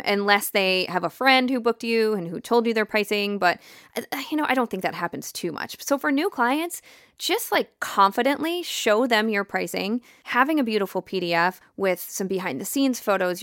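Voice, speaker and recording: A woman's voice: medium pitch, fairly bright tone, no room sound, clean studio sound. A woman hosting a podcast, giving enthusiastic, chatty business advice with plenty of fillers. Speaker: podcast host. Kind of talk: casual advice chat.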